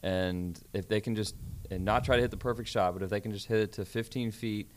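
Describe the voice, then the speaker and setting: A man's voice: lowish voice, fairly even intonation, a little fast, slight background noise. A man who is a professional golfer, talking earnestly as a guest in a casual chat, often restarting his sentences.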